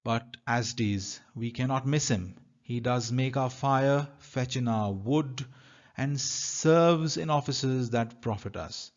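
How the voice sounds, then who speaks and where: A man's voice: mid-range voice, muffled recording. A man teaching literature, reading lines from a play and explaining them carefully. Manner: slow, careful, reads lines then paraphrases.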